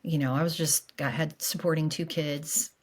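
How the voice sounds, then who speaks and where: A middle-aged woman speaking as a podcast guest in a candid conversation about grief, halting with fillers and restarts, openly emotional and earnest. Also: deep voice, steady tone, breathy edge.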